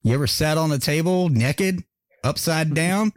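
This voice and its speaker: A man's voice: a little high, normal speed, dry recording. A man hosting a casual podcast chat, joking, swearing freely and laughing often. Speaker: podcast host.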